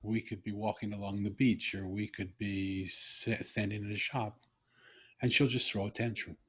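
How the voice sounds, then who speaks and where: A middle-aged man hosting a video call conversation, telling a personal story earnestly and growing animated when he quotes himself. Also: lowish voice, moderate pace, breathy edge. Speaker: interview host.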